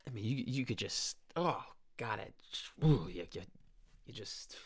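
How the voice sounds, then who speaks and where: This twentysomething podcast host has a medium-pitched, husky voice with lively intonation and a moderate pace, recorded dry. He gushes and rambles about a horror film, restarting thoughts and quoting lines as he goes.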